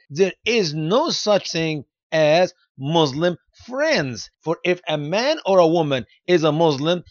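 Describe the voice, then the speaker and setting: A man's voice: high voice, dry recording, highs cut off. A man hosting a religious broadcast, lecturing emphatically and addressing his critique directly to the president. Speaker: program host and preacher.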